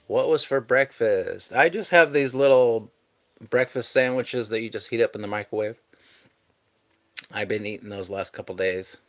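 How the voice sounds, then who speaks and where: A man's voice: lowish voice, normal speed. A man hosting a casual live stream, chatting easygoingly and thanking viewers as he reads out their messages.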